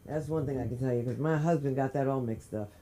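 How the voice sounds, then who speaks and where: A woman telling loud, brassy stand-up stories on a comedy club stage. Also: a bass voice, fast talker. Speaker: stand-up comic. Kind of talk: open-mic stand-up set.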